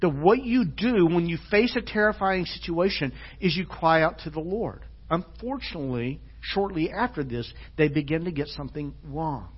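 Husky-voiced man preaching a sermon. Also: a little high, expressive, moderate pace, hardly any pauses. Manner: earnest, swings from hushed to loud and emphatic. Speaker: pastor. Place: church sanctuary. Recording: dull lo-fi church recording.

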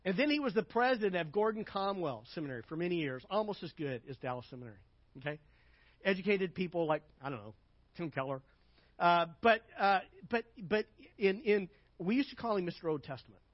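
An older man preaching a sermon as pastor, emphatic and building to loud repeated phrases, then dropping to quiet asides. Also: high-pitched, lively intonation, a little fast, no room sound, lo-fi sound.

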